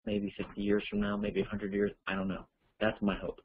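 A man's voice: on the low side, monotone, brisk, breathy edge, phone-quality sound. A man teaching an online course, answering listener questions in a rambling, conversational way as he thinks aloud.

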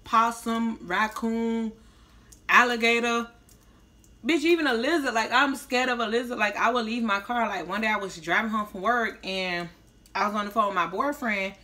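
Eating on camera for a casual mukbang vlog, this Tampa, Florida woman in her 30s speaks brightly at a fairly high pitch and moderate pace. Fresh from the orthodontist, she sounds slightly slurred as she chats in slang.

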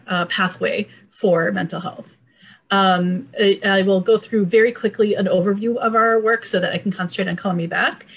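Woman presenter, earnest, measured, lots of ums, mid pitch. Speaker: arts program presenter. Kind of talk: slide presentation.

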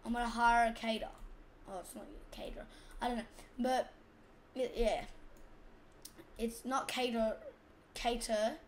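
A woman with an Australian accent and a high voice talks through her gameplay in a loose, chatty commentary. She rambles and drifts off topic easily. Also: steady tone, moderate pace, pauses often, slight background noise. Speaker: gaming channel host.

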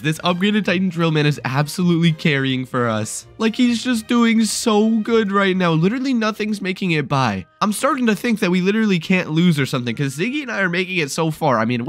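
Young dude yelling through a game, voice jumping all over, kinda high, faint music behind. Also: male voice, no room sound. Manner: hyper, exclamatory, repeats phrases rapidly. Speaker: gaming YouTuber. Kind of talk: excited gameplay commentary.

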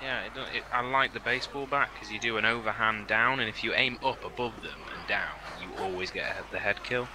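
A man's voice: lowish voice, a little fast, hardly any pauses, noisy background. A man playing a co-op zombie game with friends, swearing freely and telling stories in casual chat. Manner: swears freely, tells stories with a lively rise and fall. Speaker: gamer. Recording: voice chat over loud game sounds.

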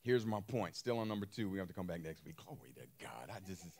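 A man's voice: on the low side, fast, darkish tone. A man preaching a sermon in loose, colloquial speech, firing emphatic rhetorical questions at his congregation.

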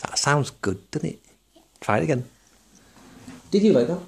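A man's voice: on the high side, very animated, normal speed, creaky. A man giving a casual piano and songwriting lesson at home, patient and encouraging, often checking in with "right?". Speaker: piano teacher. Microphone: phone camera.

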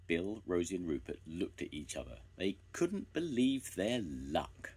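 An older man reading a children's story aloud, gentle and expressive. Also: sits low, a little slow, few pauses, breathy edge.

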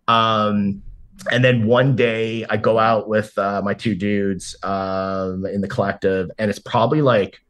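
A man's voice: on the low side, fairly even intonation, unhurried. A man of about forty, an interview guest telling a story casually, swearing freely, filling his talk with "like" and acting out what people said. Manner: loose and profane, heavy on "like", acts out quoted dialogue.

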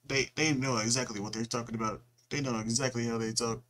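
A man's voice: medium pitch, fairly even intonation, fast, fairly bright tone. A young man in his twenties from California, rambling and slangy, who swears freely as he comments on a video. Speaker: reaction video host.

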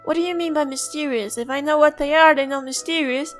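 An earnest little village child , put on by a woman, speaks in a high, careful voice, now and then tripping over words. The lines are read as a fan voice-over of game dialogue, with faint game music behind. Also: fairly even intonation, brisk, lightly acted. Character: small polite curious village child.

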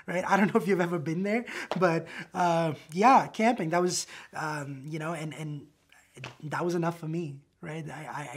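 A man's voice: a little high, husky. A man preaching a sermon in a loose, conversational storytelling way, often asking "right?" and restarting his sentences. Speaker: pastor.

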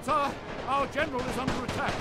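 An urgent in-game soldier barks clipped reports to his commander. His voice sits very high and tense. Game music and artillery fire sound clearly behind him. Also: fairly even intonation, a little fast.

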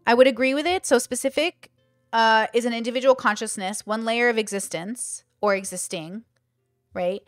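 A woman's voice: on the high side, moderate pace, no echo, studio quality, soft background music. A woman creator in casual livestream chat, thinking aloud with lots of fillers and acting out the voices she quotes. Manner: animated, acts out quoted voices. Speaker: online content creator.

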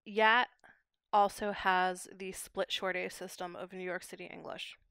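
A young adult woman, a guest linguist, explaining dialect features in measured, academic podcast talk. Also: fairly low pitch, little pitch movement, pushed and bright, smooth, no echo.

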